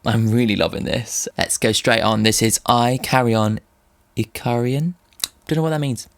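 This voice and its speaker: A man's voice: mid-range voice, moderate pace. A man hosting a music reaction video, gushing and emotional as he unpacks lyrics in casual commentary. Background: faint music playing.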